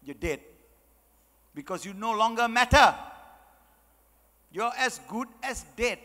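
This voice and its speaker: A man's voice: very high voice, lively intonation, slow pace, pushed and bright. A man giving an emphatic motivational speech as a guest speaker, repeating key phrases and asking the audience rhetorical questions. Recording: long hall reverb.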